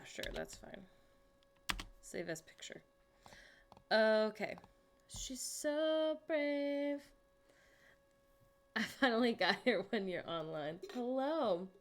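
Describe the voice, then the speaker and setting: Woman streamer, unhurried, animated pitch, casual chat with viewers. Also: gravelly. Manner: chatty, talks to herself while working on screen; greets and answers chat viewers. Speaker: livestream host.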